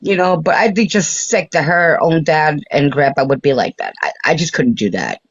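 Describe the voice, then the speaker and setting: A woman's voice: sits low, moderate pace, slightly rough, no room sound. An older woman calling into a live stream, talking in an emotional, effusive way. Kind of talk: casual chat. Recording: dull lo-fi stream audio.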